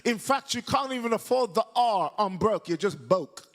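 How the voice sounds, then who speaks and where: A man preaching a lively sermon to a church congregation, shouting and leading call-and-response. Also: high voice, moderate pace.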